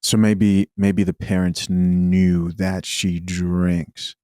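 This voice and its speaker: Man, host, very deep voice, dry close recording, musing reaction commentary, halting. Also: monotone, dark tone, dry recording. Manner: musing, halting, thinks aloud.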